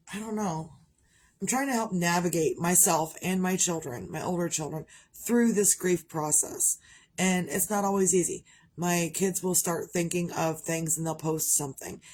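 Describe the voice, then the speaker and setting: Woman, middle-aged, rambling, candid, casual vlog talk, slightly low voice. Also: darkish tone. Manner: rambling, candid, conversational with frequent restarts. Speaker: parent vlogger. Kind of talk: casual personal vlog monologue.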